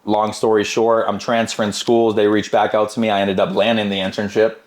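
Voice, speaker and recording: A man's voice: fairly low pitch, little pitch movement, brisk. A man in his twenties, a podcast guest, telling his story in casual chat, upbeat and repeating words for emphasis. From Brazilian heritage. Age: 20s.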